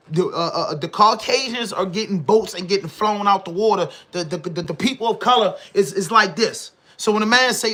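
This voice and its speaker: A man with a Baltimore accent holds forth on his podcast in an animated, slangy rant. His voice sits high and sounds sharp and bright, and he keeps firing off rhetorical questions. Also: fairly quick, hardly any pauses. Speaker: podcast host. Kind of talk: casual commentary monologue.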